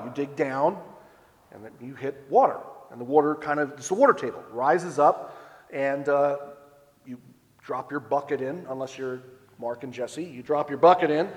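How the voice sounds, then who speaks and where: A man giving a sermon, retelling a scripture story in a relaxed, conversational way. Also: a little high, long reverb tail. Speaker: preacher.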